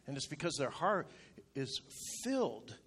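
A middle-aged male pastor telling a personal story in a sermon, in a folksy, self-deprecating way that gets animated as he retells his anger. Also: mid-range voice, measured pace, a little hiss or hum. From rural upstate New York.

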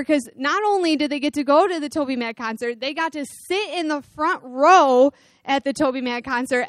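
A middle-aged woman giving a chatty, animated church testimony, telling a story with fillers and laughs. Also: high voice, no echo. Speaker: mission team member sharing testimony.

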